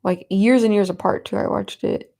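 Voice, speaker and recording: A woman's voice: medium pitch, steady tone, moderate pace, gravelly. A young woman in her twenties hosting a casual livestream from home, chatting with viewers and reading their comments. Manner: chatty, giggly, coos softly at her cat. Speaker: livestream host.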